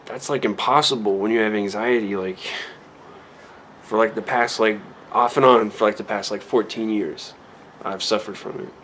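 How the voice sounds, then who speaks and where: A man's voice: on the low side, steady tone, moderate pace, a bit bright, slight background noise. A man in his thirties talking candidly in a personal vlog at home, reflective and rambling, with many restarts and fillers. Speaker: vlogger. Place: a room at home.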